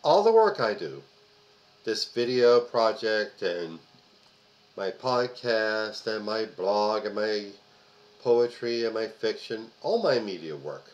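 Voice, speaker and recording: A man's voice: on the low side, big pitch swings, slow, lo-fi sound. A man hosting his own commentary video, delivering an emphatic opinion monologue with repeated phrases for stress and frequent "uh" fillers. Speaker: host of a political commentary video.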